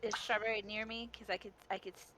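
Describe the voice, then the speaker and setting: Female player, casual, halting, faint background hiss. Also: medium pitch, level tone. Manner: halting, with restarts. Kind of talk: casual tabletop game talk.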